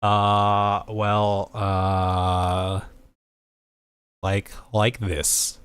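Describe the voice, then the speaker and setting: A man's voice: lowish voice, monotone, extremely slow, fairly bright tone, clear, resonant tone, dry recording. A man hosting his own channel, casually talking through plans and thinking aloud to his viewers. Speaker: streamer and channel host.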